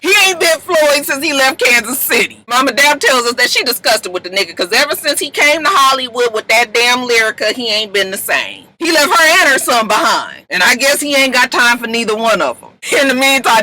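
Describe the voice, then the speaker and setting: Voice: mid-range voice, pushed and bright, rough recording. A reviewer giving a comedic, profane recap of a reality show, laughing often.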